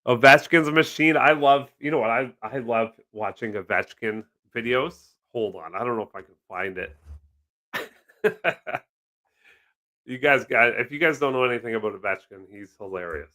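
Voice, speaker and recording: A man's voice: mid-range voice, normal speed, pushed and bright. A man hosting a casual live stream from his desk at home, rambling and joking as he reads and answers the chat. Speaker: livestream host. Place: home desk with several monitors.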